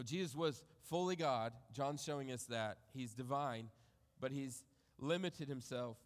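Guy giving a sermon, reads scripture then reflects, calm and measured, long church echo. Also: mid-range voice. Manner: reflective, measured, trails off softly at phrase ends. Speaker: pastor.

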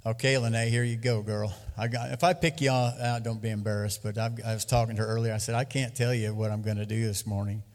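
A man preaching a sermon to a church congregation, lively and loud at times. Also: lowish voice, brisk, few pauses, big-room sound. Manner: lively, loud bursts, sings and laughs at times. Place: church hall. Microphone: handheld mic.

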